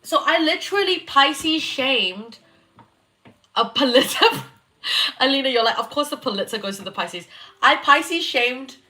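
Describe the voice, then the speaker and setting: A woman's voice: sits high, animated, measured pace, pushed and bright. Giggly chatty New woman streaming. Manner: chatty, giggly, swears, reacts to viewer comments. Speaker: astrologer hosting a live reading. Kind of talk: casual livestream chat.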